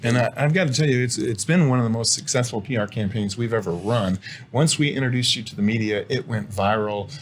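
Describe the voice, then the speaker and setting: A man's voice: medium pitch, a little fast, a little hiss or hum. A man hosting a promotional interview show, enthusiastic and full of compliments for his guest.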